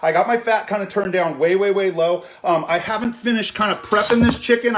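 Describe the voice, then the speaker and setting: A man's voice: high-pitched, a little fast, few pauses, reverberant, very noisy. A man hosting a casual live cooking demo in his kitchen, chatting with viewers and often checking in with "okay?". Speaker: chef hosting a cooking stream. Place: home kitchen.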